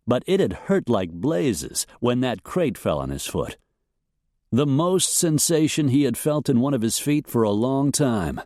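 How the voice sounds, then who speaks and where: A man narrating a western novel in a measured storytelling manner. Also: mid-range voice, a little mellow, no room sound, studio quality. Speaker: audiobook narrator.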